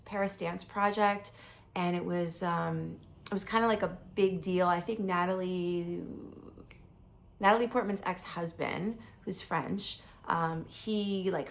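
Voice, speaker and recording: A chatty woman in her fifties with a slight gravelly fry in her voice. She tells a personal story to the camera in an eager, casual way, and her talk is full of "um" and "like". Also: mid-range voice, fairly bright tone. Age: 50s. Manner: enthusiastic, chatty, many fillers like "um" and "like". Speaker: vlogger.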